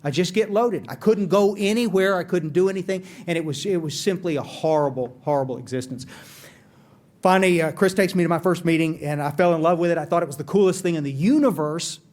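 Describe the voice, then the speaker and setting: A man's voice: fairly high pitch, brisk, a little mellow. A middle-aged man, giving a candid, self-deprecating recovery talk to a conference audience. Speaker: AA speaker. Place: conference hall.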